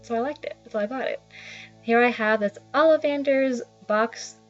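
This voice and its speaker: A woman's voice: fairly high pitch, moderate pace. Chatty young woman on an apartment tour. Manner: chatty, self-deprecating, rambling asides. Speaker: vlogger giving a home tour. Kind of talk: casual narration of an apartment tour. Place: small basement apartment. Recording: slightly dull lo-fi sound with faint background music.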